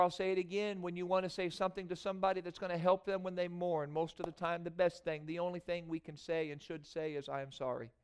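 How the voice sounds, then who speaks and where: A man preaching a sermon in a church, moving from quiet prayer into rising, emphatic preaching. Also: fairly high pitch, clear, resonant tone. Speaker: pastor. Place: church sanctuary.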